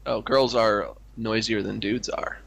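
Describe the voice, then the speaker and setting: A man's voice: on the low side, steady tone, a little slow, gravelly, fairly bright tone, husky, lo-fi sound. A man co-hosting a crude comedy chat, speaking in a dry, mock-prim way with lots of hesitations. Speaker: co-host.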